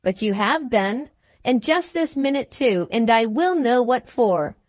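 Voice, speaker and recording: A woman reading the part of a drunken, brutish young gentleman who shouts and blusters, in an audiobook. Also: fairly high pitch, expressive, measured pace, no room sound. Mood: blustering.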